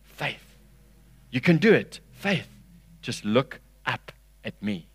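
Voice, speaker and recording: Animated preacher man, swinging loud and hushed. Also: medium pitch, unhurried, breathy edge, no echo. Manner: reads scripture aloud with expression. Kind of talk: sermon.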